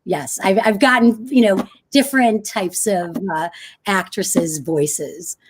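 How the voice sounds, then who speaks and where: A woman in her fifties with a low, smoky voice, speaking as an author guest on a video call, telling her story fluently and with energy. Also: slow pace, breathy edge. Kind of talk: conversational interview.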